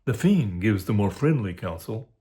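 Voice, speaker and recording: A man's voice: lowish voice, very animated, moderate pace, mellow. A man reading aloud as a young male comic servant, torn between leaving his master and staying. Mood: torn, dithering. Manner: dithering, argues both sides. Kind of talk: dramatic reading of a soliloquy.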